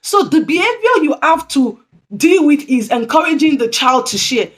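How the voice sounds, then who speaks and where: A woman with a high-pitched, very animated voice gives instructional tips to camera for early childhood educators. She speaks at a moderate pace, earnest and repeating her key points.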